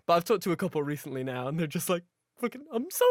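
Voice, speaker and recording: A man co-hosting a casual podcast, giggly and animated, with a lighter voice than most men. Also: fairly high pitch, rapid-fire, dry recording, clean studio sound. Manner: giggly, animated, full of restarts. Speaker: podcast co-host. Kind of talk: casual chat.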